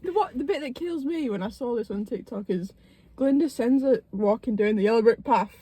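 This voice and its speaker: A young woman, chatting casually as a podcast co-host, quick to chime in and laugh. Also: fairly high pitch, expressive, dark tone. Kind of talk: casual chat.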